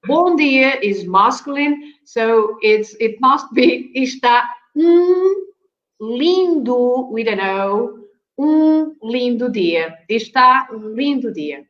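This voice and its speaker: Woman, language teacher on a video call; patient, laughs a lot; muffled, roomy sound, slightly high voice. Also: animated, slow. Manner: patient, explaining, laughs often. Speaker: Portuguese teacher. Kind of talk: live online language lesson.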